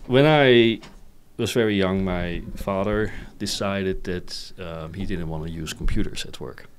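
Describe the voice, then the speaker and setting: A middle-aged man with a Dutch accent, a company founder telling stories about his childhood in a casual interview, animated, laughing often and asking "right?". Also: deep voice, measured pace, slight background noise. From Netherlands.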